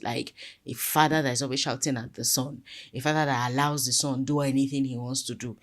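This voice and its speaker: A middle-aged woman with a notably low voice shares stories in a soft, unhurried conversational manner. Her voice often sinks almost to a hush. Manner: soft-spoken, drops to near whisper. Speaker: parenting podcast co-host. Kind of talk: casual conversational storytelling.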